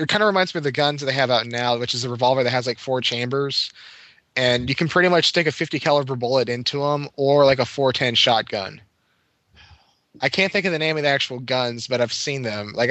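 A man's voice: mid-range voice, fairly bright tone, dry recording. A man hosting a casual podcast chat, rambling with lots of "like" fillers.

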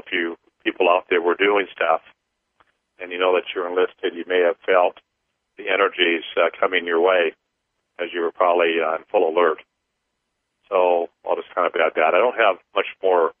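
A man co-hosting a paranormal talk show, speaking haltingly with many fillers and restarts, then slowly leading listeners through a counting exercise. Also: low voice, dry recording. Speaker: radio show co-host. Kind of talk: casual paranormal talk and guided counting session. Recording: tinny phone-line sound, dry.

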